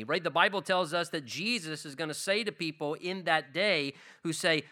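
Bright-voiced man preaching a sermon. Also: fairly high pitch, lively intonation, normal speed. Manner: earnest preaching with emphatic, varied delivery. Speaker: pastor.

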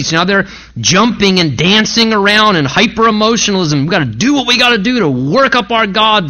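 A male pastor preaches a sermon, retelling a story with lively energy. He acts out the people he quotes, jumping widely in pitch to voice each one.

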